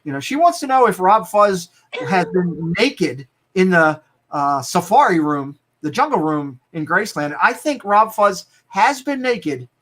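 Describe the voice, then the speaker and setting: A middle-aged man with a Baltimore accent, a guest speaking earnestly and warmly in casual live-stream chat, often repeating words as he goes. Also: sits high, very animated, a little slow, few pauses.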